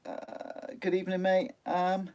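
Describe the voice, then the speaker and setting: A man hosting a live fishing stream, chatting casually and reading out viewer comments, laughing often and filling pauses with "um". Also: high voice, completely flat delivery, a little mellow. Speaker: sea angling channel host. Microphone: phone.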